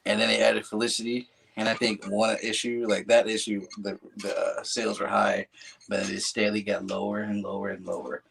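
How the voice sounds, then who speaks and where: A man with a gravelly, husky voice, chatting casually and wryly about TV shows. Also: fairly low pitch, level tone, moderate pace, fairly bright tone. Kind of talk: casual podcast chat.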